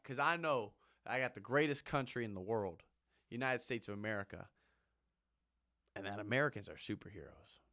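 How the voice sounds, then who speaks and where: A man's voice: on the low side, animated, moderate pace, pushed and bright, no echo. A man and former Marine giving an impassioned, ranting monologue, repeating his points with emphasis. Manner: fired-up, ranting, emphatic repetition.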